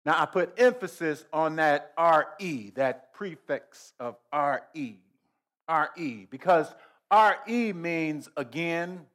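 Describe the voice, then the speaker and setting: Male preacher, slightly high voice, deliberate slow delivery, repeats phrases for emphasis. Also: expressive. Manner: slow emphatic preaching with repetition and sudden loud rises. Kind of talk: sermon.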